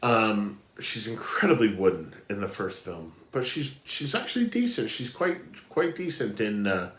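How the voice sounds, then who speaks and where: A man's voice: fairly low pitch, big pitch swings, normal speed, a bit bright, reverberant. Stuffy-nosed man rambling about films. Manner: chatty, rambling with many fillers and restarts. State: stuffy, nasal from a cold. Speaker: film blogger ranking films. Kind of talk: casual spoken film review.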